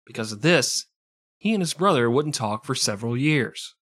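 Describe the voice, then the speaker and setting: A man hosting a relaxed history podcast, with a voice of middling pitch. He mixes his reading with jokes and laughs a lot. The talk is loose and playful, not polished. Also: moderate pace. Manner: jokey, laughs often, slips into silly accents. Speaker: podcast co-host. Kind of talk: casual comedic history podcast narration.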